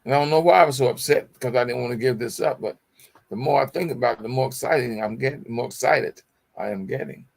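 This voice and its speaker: Gravelly-voiced man hosting a motivational show. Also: medium pitch, quick pace. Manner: preachy, repeats phrases, addresses audience as y'all. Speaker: show host. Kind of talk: motivational talk show sign-off.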